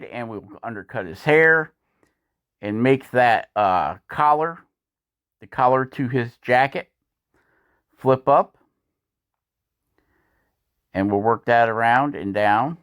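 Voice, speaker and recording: A man's voice: medium pitch, a bit bright. A man narrating a woodcarving video in a folksy, rambling way, chuckling at his own asides. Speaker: woodcarving channel host. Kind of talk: voice-over narration of a carving video.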